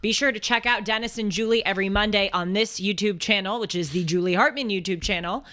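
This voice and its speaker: A young woman with a Boston accent hosting a casual talk show, lively and quick to laugh. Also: mid-range voice. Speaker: podcast host. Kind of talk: casual chat.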